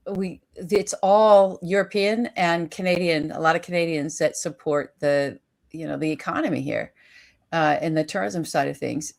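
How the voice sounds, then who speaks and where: An American woman hosting a podcast, chatting casually and agreeing readily with her guest. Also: low-pitched. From United States. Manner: conversational, quick to agree. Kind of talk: casual chat.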